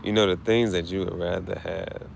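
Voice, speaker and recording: A man's voice: deep voice, fairly even intonation, normal speed, gravelly, slight background noise. A man talking casually and emotionally, grieving, swearing and repeating himself in slang. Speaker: streamer.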